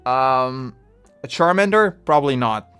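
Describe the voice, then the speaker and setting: A man with a Dutch accent chatting through a live game stream, rambling and getting loudly frustrated at times. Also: medium pitch, animated, a little slow, smooth, faint music behind. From Netherlands. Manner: chatty, bursts of frustration, trailing off.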